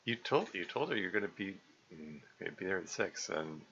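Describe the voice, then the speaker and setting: A man's voice: low-pitched, lively intonation, brisk, creaky, fairly bright tone, lo-fi sound, slight background noise. A man reading a visual novel aloud on a live stream, chatty and prone to side comments. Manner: chatty, digressive, self-correcting. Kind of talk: let's-play narration and commentary.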